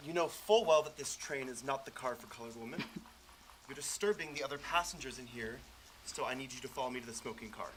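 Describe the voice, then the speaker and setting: A man's voice: mid-range voice, fairly quick, a little hiss or hum, natural voice, low-quality recording. A man playing a stern train conductor in a stage play, giving curt orders. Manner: curt, commanding. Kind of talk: stage acting.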